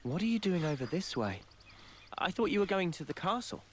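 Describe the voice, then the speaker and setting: A man's voice: sits high, big pitch swings, fairly quick, slight background noise. An actor playing a friendly young male comrade who speaks in a casual, curious way.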